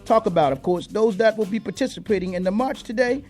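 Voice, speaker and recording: A man hosting a radio talk show, introducing segments in a brisk, announcing manner. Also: sits high, a little mellow, soft background music.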